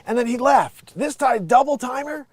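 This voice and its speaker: A man hosting an improvised comedy news show, jumping between loud outbursts and muttered asides and talking straight to his viewers. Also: very high voice, expressive, moderate pace, dry recording. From United States. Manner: chatty, addresses viewers as guys, lots of you know.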